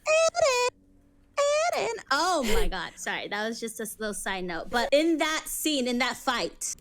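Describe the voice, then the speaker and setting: A woman's voice: on the high side, big pitch swings, moderate pace, a bit bright. A young woman co-hosting a podcast, chatting casually and animatedly, laughing, swearing and mimicking characters. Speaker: podcast co-host. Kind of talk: casual fan chat.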